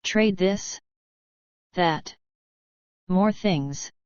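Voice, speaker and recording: A wary tribesman speaks in clipped, broken phrases, as a woman reading an audiobook puts him on. His voice sits a little higher than her narration and sounds smooth. The recording is dry and slightly dull. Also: drawn-out words, a little mellow, dry recording. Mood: blunt.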